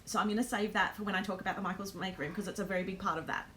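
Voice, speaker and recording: A woman's voice: mid-range voice, fairly even intonation, rapid-fire, a bit bright, a little hiss or hum. An Australian woman hosting a live stream, telling a travel story in a chatty way, with lots of ums and nervous laughs.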